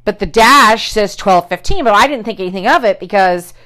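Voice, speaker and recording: A middle-aged woman telling a story in casual chat, animated and swearing, loudly acting out what people said. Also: mid-range voice, a little fast.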